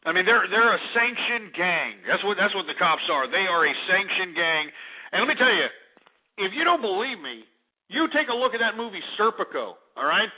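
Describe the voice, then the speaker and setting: Brash ranting radio host man, high voice. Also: very animated, normal speed. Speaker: radio talk show host. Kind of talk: call-in radio rant. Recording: narrow phone-like radio audio.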